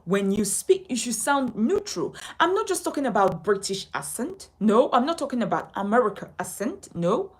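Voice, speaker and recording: Woman from Nigeria, speaking coach, instructive lesson, fairly high voice, husky tone, repeats her points. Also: sing-song, normal speed, few pauses, rough recording. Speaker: communication coach.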